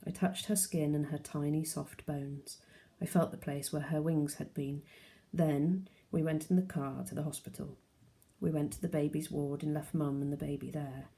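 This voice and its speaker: Teacher reading a novel aloud, woman, low gravelly voice, steady pace. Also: normal speed.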